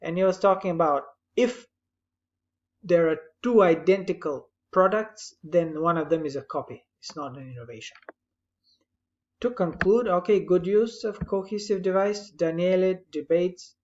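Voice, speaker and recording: An English writing teacher patiently explains corrections on a student's written summary, gently pointing out what needs fixing. Her mid-range voice moves at a normal speed, and the recording has a lo-fi quality.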